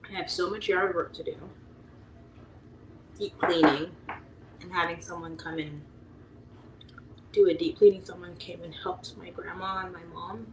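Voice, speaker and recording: A woman's voice: on the low side, fairly even intonation, unhurried, pauses often, reverberant, background noise. A woman in her thirties hosting a casual livestream, chatting and laughing while reading out viewer comments. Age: 30s. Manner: chatty, laughs often, mimics voices when quoting. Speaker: livestream host reading chat. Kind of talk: casual chat.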